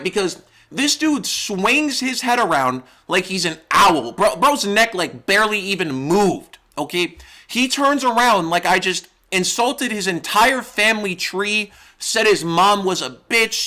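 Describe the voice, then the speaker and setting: Young man from New York, high and bright voice, profane rambling comic storyteller. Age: young adult. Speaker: YouTuber. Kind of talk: comedic storytime narration.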